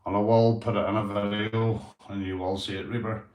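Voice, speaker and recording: A man's voice: on the low side, level tone, fairly quick, a little mellow. Northern irish guy rambling on his livestream, swears a lot, says mate every line, roomy echo on the mic. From Northern Ireland. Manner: chatty, swears freely, keeps saying mate. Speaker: YouTube livestreamer. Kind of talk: casual livestream chat. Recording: roomy echoey room sound.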